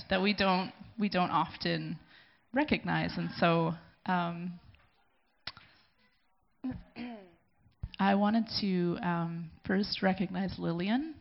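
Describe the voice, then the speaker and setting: A woman with a gravelly, creaky edge to her voice gives an emotional thank-you speech at a church gathering. She speaks haltingly and pauses to collect herself. The recording sounds dull and lo-fi. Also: fairly low pitch. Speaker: church community leader. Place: gathering in a room.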